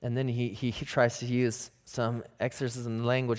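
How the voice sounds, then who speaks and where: A man's voice: medium pitch, flat delivery, normal speed, few pauses. A male pastor preaching a sermon emphatically, with rhetorical questions and repeated phrases.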